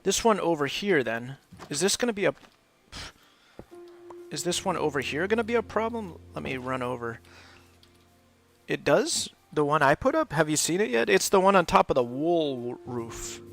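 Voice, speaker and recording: A man's voice: a little high, very animated, moderate pace, gravelly, a bit bright, faint music behind. A man chatting casually while he hosts a game livestream, rambling and laughing often. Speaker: livestream host, English teacher. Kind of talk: casual chat while gaming.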